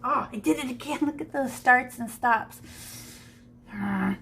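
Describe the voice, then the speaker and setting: This high-pitched, somewhat bright female voice goes a little slowly, with slight noise in the background. A woman art teacher demonstrates shading live in a classroom, chatting playfully and thinking aloud as she draws.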